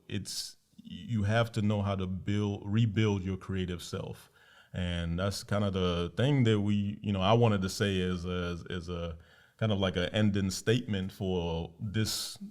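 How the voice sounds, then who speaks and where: A man's voice: lowish voice, darkish tone. A man co-hosting a casual podcast, talking in a rambling way with many fillers and repeated words. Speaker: podcast co-host. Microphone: podcast mic.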